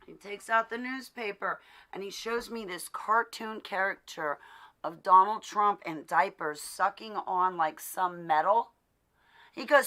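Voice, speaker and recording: Woman vlogger, sharp bright tone, slightly high, ranting with emphasis. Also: a little slow. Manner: emphatic and indignant, swings from loud to quiet; laughs between remarks. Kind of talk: casual ranting monologue.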